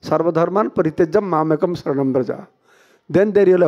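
A man's voice: fairly high pitch, fast talker, darkish tone, highs cut off. A middle-aged Indian man lecturing on scripture in a temple hall, asking rhetorical questions and quoting Sanskrit verses. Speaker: monk giving a scripture lecture. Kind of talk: sermon.

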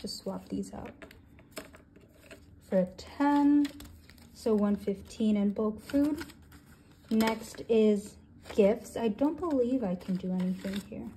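A woman in her twenties, a budgeting channel host, counting cash aloud and thinking out loud as she sorts it. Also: mid-range voice, takes it slowly, long pauses, slight background noise. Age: 20s. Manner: counts bills aloud in steady runs; thinks aloud, with soft hesitations.

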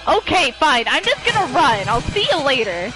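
A woman giving live gaming commentary while playing with friends, excitable and panicky, laughing often. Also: high-pitched, normal speed, music in the background, rough recording. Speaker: gamer streaming with friends.

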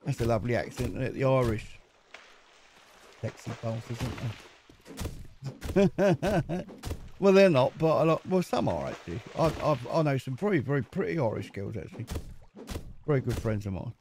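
Hosting a gaming video, a man chats casually to himself while playing, joking and muttering in chatty let's-play commentary. His medium-pitched voice is animated, his pace moderate with frequent pauses, and there's background noise.

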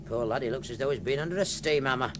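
An actor playing a knowing ship's officer in a radio play, talking matter-of-factly about crew trouble. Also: male voice, medium pitch, fast talker, fairly bright tone, slight background noise, close to an everyday voice, low-quality recording. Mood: dry. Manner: dry, matter-of-fact.

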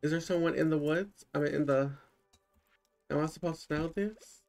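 Gravelly man chatting through a game. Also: fairly high pitch, moderate pace, a little mellow. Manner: chatty, thinks aloud, exclaims at the game. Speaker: gaming channel host. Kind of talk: casual gameplay commentary. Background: game music.

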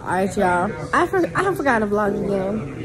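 A woman in her twenties talking casually to her phone camera, slangy and chatty, giving shout-outs. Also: mid-range voice, sing-song, normal speed, over loud music, over a noisy crowd. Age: 20s. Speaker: vlogger. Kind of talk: casual vlog chat.

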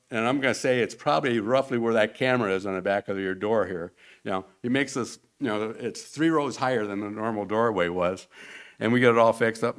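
Low-voiced man telling mission stories. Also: a bit bright. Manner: rambling storyteller, acts out quotes. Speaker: church member giving a mission report. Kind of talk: informal slideshow talk to a congregation. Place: church sanctuary.

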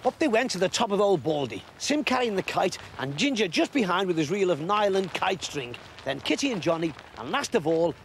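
A man reading a storybook aloud in an expressive, measured way. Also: on the high side, vocal fry, a little hiss or hum.

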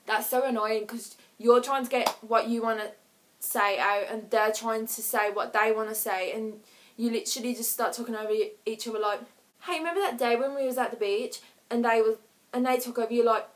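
A woman vlogger chatting casually to camera, giggling often and acting out little awkward scenes with quick voices. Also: on the high side, fairly even intonation.

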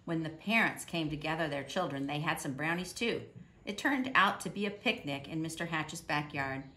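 A woman calmly reading a children's picture book aloud. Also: low-pitched, normal speed. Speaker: storybook reader.

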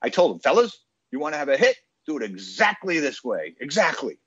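Guy quoting a famous rock star, offhand and dismissive, pitch all over the place. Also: wildly swooping pitch, fairly quick, vocal fry, fairly bright tone, slightly rough, lo-fi sound, full character voice. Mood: breezy, dismissive. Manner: offhand, brushing things aside.

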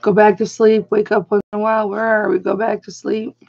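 Middle-aged woman vlogger, husky and unhurried, slightly dull lo-fi audio. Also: medium pitch. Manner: rambling, animated retelling with quoted voices. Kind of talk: casual haul vlog storytelling.

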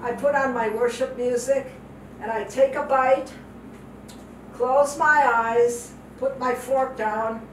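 A woman's voice: high-pitched, fairly even intonation, takes it slowly. An older woman giving a heartfelt testimony sermon as a missionary guest speaker, repeating phrases for emphasis. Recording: echoey hall from far off, noisy.

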